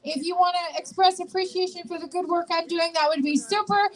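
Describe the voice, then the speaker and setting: A woman with a very high voice emcees a rally, upbeat and loud. She urges the crowd on and leads them in call-and-response chants. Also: steady tone, a little fast, rough recording.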